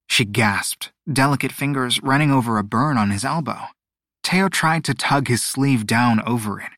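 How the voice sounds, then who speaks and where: A man narrating a fantasy novel in an even, descriptive storytelling manner. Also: medium pitch, moderate pace, no echo, clean studio sound. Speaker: audiobook narrator. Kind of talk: scripted narration.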